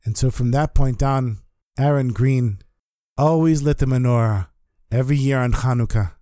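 Man telling a story, earnest, mellow dark voice, dry close sound. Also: medium pitch, moderate pace, dry recording. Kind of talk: spoken storytelling.

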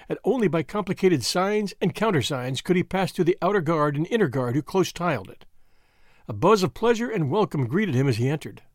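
A male narrator reads a classic story with animated, rising and falling intonation. His voice is a touch higher than most men's and sounds dry and close to the mic. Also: dry recording. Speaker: audiobook reader. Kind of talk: scripted narration.

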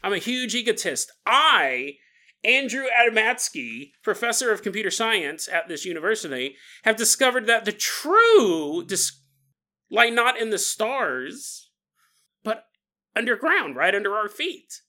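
A man voicing a nerdy, self-important male professor in a comic podcast story, using a nasal nerd voice with slow, pompous delivery. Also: sits high, big pitch swings, pushed and bright, exaggerated voice.

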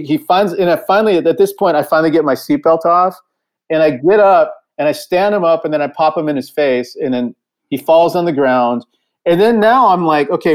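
A middle-aged man tells a tour story in a casual, profane way. He acts out what people said, and his voice sits somewhat high. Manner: profane, animated storyteller acting out quotes. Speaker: guest musician.

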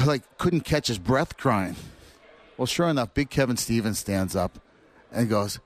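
A man, a former player, telling animated anecdotes as a guest. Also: medium pitch, moderate pace. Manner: animated storyteller acting out quotes. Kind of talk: anecdotal storytelling.

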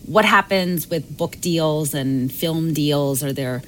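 A woman's voice: low-pitched, takes it slowly, slight background noise, rough recording. A woman interviewer asking long, chatty questions, hedging with "sort of" and "um".

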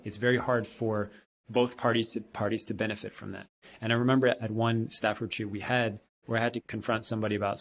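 A man co-hosting a casual chat, speaking in a thoughtful, measured way. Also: fairly low pitch.

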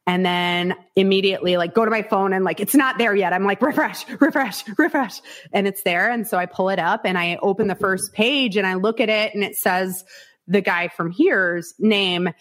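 Frank, animated woman telling her story. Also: mid-range voice, moderate pace. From Iowa, United States. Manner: frank, animated, acts out quotes, swears, laughs often. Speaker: podcast guest. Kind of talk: candid storytelling interview.

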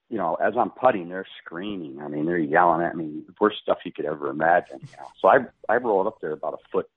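A middle-aged pro golfer with a deep, husky voice tells a story in a relaxed way, acting out the quotes and laughing often. His manner is animated, and the audio sounds like a phone-like radio line.

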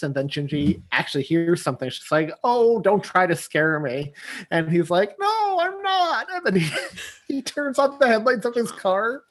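A man co-hosting a casual podcast, retelling a film scene by scene with frequent laughter and acted-out quotes. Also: fairly high pitch. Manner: animated retelling, laughs often, acts out quotes. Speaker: podcast co-host. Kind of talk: casual movie recap chat.

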